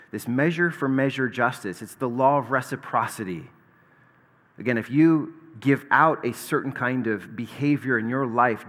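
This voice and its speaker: A man delivers a sermon at a medium pitch in a loose, conversational manner. He mixes scripture readings with casual asides and light humor. His voice rings out with a long echo in a large hall. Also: fairly bright tone. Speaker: pastor.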